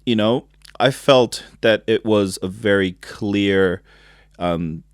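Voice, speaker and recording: A man's voice: fairly low pitch, takes it slowly, smooth, dry recording, studio quality. A man hosting a podcast in a casual, joking chat, drinking beer as he talks. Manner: laid-back, joking, drinking beer while talking. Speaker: podcast host.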